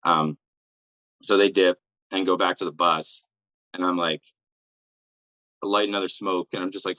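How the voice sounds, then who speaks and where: A man's voice: low voice, fairly even intonation, moderate pace, pauses often, sharp tone, no room sound, highs cut off. A young man telling a casual, rambling story as an interview guest, sprinkling "like" and swearing throughout. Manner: rambling, heavy use of "like" and swearing.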